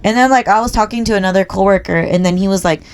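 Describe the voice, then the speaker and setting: A blunt, animated woman co-hosting a casual podcast chat, with a voice of middling pitch. She swears freely and acts out other people's lines as she tells her stories. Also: quick pace. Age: adult with children. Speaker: podcast co-host.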